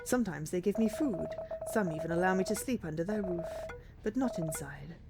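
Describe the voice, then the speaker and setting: A woman voicing a lonely, gentle stray dog who speaks softly and wistfully. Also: lowish voice, lively intonation, brisk, gravelly, heavy background noise, pitched below the performer's own voice.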